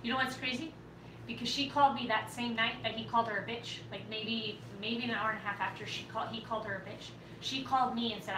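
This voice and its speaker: A woman's voice: fairly high pitch, steady tone, pushed and bright, a little hiss or hum. A young woman and mother recounting a family fight in heated casual talk, swearing often and acting out what others said. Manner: rapid storytelling, swears often, acts out quotes. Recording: echoey room, far from mic, faint ambience.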